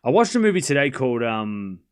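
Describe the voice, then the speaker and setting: A man's voice: medium pitch, big pitch swings, fairly quick, clean tone. A man hosting a live tennis watchalong stream, calling scores and chatting casually with viewers, rambling and laughing often.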